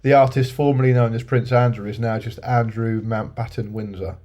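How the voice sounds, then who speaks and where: A man's voice: mid-range voice, steady tone, a little fast, mellow, lo-fi sound. A man co-hosting a podcast, chatting casually and telling anecdotes, briefly putting on voices when he quotes people. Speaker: podcast co-host. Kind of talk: casual chat.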